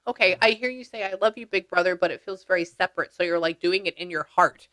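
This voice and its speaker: A woman's voice: on the low side, fast, a bit bright. A woman working as a psychic medium, talking casually with clients and relaying what she hears in a chatty way, with slang and the odd swear word. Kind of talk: casual session talk.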